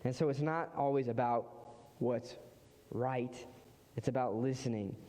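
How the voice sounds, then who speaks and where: Speaking at a measured pace, a pastor with a mellow, medium-pitched voice preaches conversationally, driving points home with repeated phrases. The recording carries the long reverb of a large church sanctuary.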